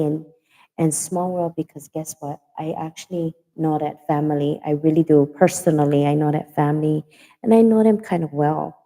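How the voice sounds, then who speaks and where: Low-voiced Hawaiian Pidgin woman chatting. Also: mellow, in a large hall, rough recording. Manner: chatty, repeats herself for emphasis. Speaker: livestream host. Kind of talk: casual chat.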